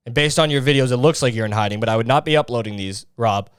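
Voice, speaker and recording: A man's voice: mid-range voice, fast talker, clear, resonant tone, dry recording, studio quality. Crude, mocking man ranting. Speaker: podcast host. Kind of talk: casual podcast rant.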